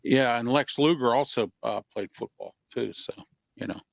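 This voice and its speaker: Gravelly halting male wrestling guest. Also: medium pitch, no room sound, clean studio sound. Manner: halting, many fillers. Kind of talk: casual talk show chat.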